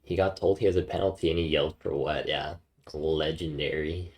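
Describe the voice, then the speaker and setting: Low-voiced laid-back young man. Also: steady tone, fast talker, gravelly, a little mellow. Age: young adult. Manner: laid-back, many fillers. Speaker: streamer. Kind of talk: casual chat with viewers.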